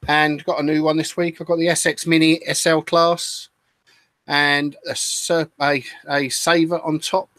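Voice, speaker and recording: A man's voice: a little high, little pitch movement, measured pace, a bit bright, dry recording. Easygoing British man, chatty and dry-sounding. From United Kingdom. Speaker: podcast co-host. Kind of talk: casual chat.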